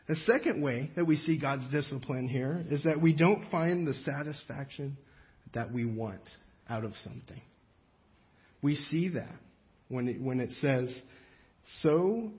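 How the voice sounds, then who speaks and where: A pastor delivers a sermon in an easy, conversational manner, slowing right down to read scripture aloud and often restarting his sentences. His voice sits at an average pitch for a man. The recording sounds a little dull and muffled. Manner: conversational preaching with slow, careful scripture reading and frequent restarts.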